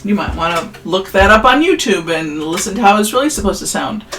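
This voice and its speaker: A woman's voice: mid-range voice, lively intonation, fairly quick, poor audio. A woman giving a casual, recorded music theory lecture, chatting through examples with offhand, self-deprecating asides.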